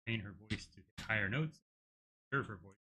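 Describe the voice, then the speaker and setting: A man's voice: on the low side, expressive, a little fast, bright, forceful tone, breathy edge. A middle-aged man with a tired throat, live coding and thinking aloud, hesitant with many restarts. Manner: hesitant, many restarts while working things out. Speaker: game developer streaming live.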